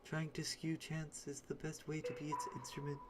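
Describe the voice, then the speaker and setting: A woman voicing a theatrical older male card sharp in a put-on mock French accent, grand and courtly. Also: low-pitched, level tone, normal speed, heavy background noise, lightly acted. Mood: suave. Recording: clear game music behind.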